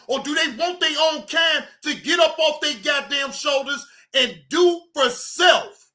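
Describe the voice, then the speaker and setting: High bright guy on a live stream, cussing and yelling at chat. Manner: loud, profane, shouting at the audience. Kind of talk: heated ranting commentary.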